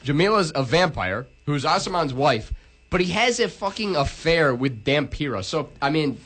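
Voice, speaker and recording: A man's voice: a little high, big pitch swings, normal speed, a bit bright. Rambling, cussing young man recapping a movie. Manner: rambling, profane, restarts a lot. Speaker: podcast co-host. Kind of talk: casual movie recap chat.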